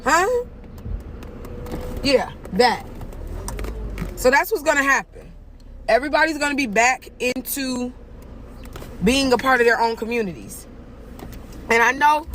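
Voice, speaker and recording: A woman's voice: high-pitched, measured pace, pauses often, fairly bright tone, slight background noise. A woman hosting, reacting to clips in earnest casual commentary, thinking aloud.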